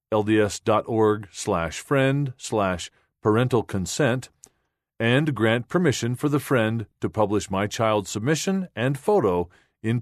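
A man reading a children's magazine aloud in a clear, deliberate scripted style. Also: medium pitch, no room sound, studio quality. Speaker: magazine reader.

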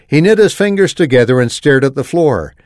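Male reader, first-person story narration, animated, mid pitch. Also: brisk, no echo, studio quality.

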